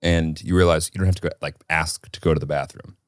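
A young adult man co-hosting a podcast, joking in a deadpan way during casual banter. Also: extremely low pitch, quick pace, no echo, clean studio sound. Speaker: podcast co-host. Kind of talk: casual chat.

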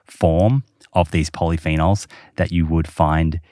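A man's voice: a bass voice, fairly even intonation, unhurried, dark tone, dry recording. A man hosting a podcast, explaining research casually with many fillers. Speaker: podcast host. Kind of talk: casual chat.

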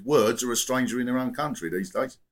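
A man's voice: mid-range voice, a little fast, close to an everyday voice. A man doing a grumbling bigoted phone-in caller. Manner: rambling, muddled, grumbling. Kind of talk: improvised comic role-play.

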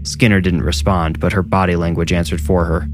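A man with a low voice gives a scripted horror narration. His delivery is measured and suspenseful, with faint music underneath. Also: little pitch movement.

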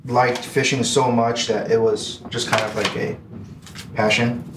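A male fishmonger judging, talking casually in a relaxed, modest way. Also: mid-range voice, unhurried. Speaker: fishmonger judge. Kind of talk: casual chat. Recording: echoey, distant, noisy.

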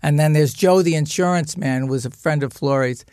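High-voiced man telling a wild story. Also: fairly quick, clean tone, no echo, studio quality. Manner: animated, profane, acts out family voices. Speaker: podcast guest. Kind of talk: storytelling in conversation.

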